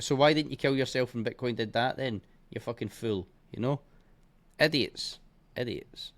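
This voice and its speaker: A man walking through trading charts in a blunt, heavily profane and scornful way, punctuating points with bursts like boom and bish bash bosh. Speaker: trading educator. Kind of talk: live chart walkthrough.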